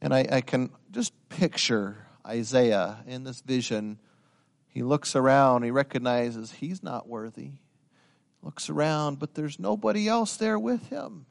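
A man preaching a sermon, swinging from quiet explanation to loud, rising dramatic passages and talking to his listeners directly. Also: mid-range voice, creaky. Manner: addresses listeners as guys.

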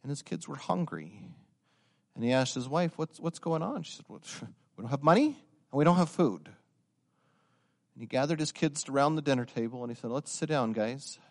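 A young man preaching a sermon, telling stories and building to loud, emphatic insistence. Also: mid-range voice. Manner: storytelling, swelling to emphatic raised-voice insistence.

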